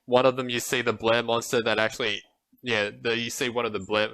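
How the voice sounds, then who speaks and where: A man on a podcast giving his opinions on a film in a measured way, with hesitant fillers. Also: medium pitch, little pitch movement, sharp tone, no room sound. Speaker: podcast co-host. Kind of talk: casual film review chat.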